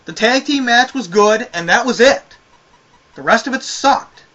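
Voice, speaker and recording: A man's voice: very high voice, lively intonation, a little slow, bright, forceful tone, highs cut off. A man giving a casual spoken review of a wrestling show, ranting with exasperation and a lot of swearing.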